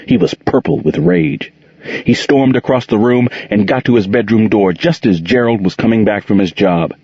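Husky, lively male audiobook narrator. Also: lowish voice, no room sound. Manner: expressive, does character voices. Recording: dull, muffled recording.

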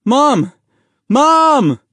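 A man's voice: extremely high pitch, very animated, extremely slow, pushed and bright, dry recording, studio quality, voice pushed up, heavily acted. A man voicing a frightened young boy fleeing a war, with a strained, urgent delivery in a storybook reading. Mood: screaming.

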